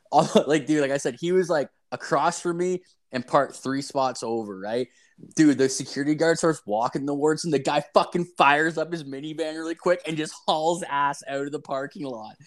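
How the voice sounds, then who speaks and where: A man's voice: fairly high pitch, normal speed. A man co-hosting a casual podcast, telling a rambling, profane story full of "like" fillers.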